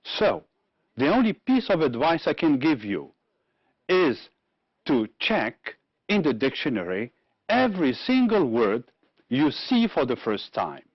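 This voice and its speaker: A man with an Algerian accent teaching English pronunciation on a televised lesson, explaining slowly and deliberately. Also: fairly high pitch, sing-song, breathy edge, no room sound. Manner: slow, deliberate explanations with some restarts. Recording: dull, slightly lo-fi dry studio sound.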